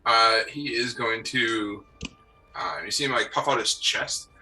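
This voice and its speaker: A man narrating a tabletop game as game master, halting with many ums and uhs. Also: medium pitch, bright, forceful tone, soft background music, poor audio.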